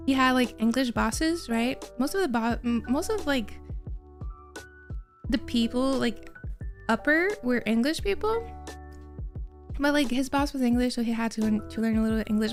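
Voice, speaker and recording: Her voice sits high as this young Québécoise, a native French speaker with a mild Quebec French accent, chats casually with stream viewers. She's from Quebec, Canada, and laughs a lot.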